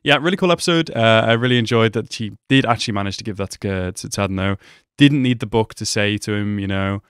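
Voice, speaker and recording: A young man giving casual, excitable commentary as he reacts to an anime episode, talking back at the screen. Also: lowish voice, quick pace, clear, resonant tone, no echo, studio quality.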